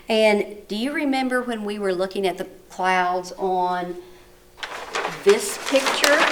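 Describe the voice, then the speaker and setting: Woman teacher, slow, gently coaxing young children, exaggerated sing-song read-aloud, distant mic with faint hum. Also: medium pitch. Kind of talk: recorded lesson for young children.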